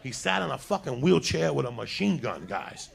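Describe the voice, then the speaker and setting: A man with a New Jersey accent telling a profane crime story in an animated, loud way. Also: medium pitch, normal speed, creaky. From North Bergen, New Jersey.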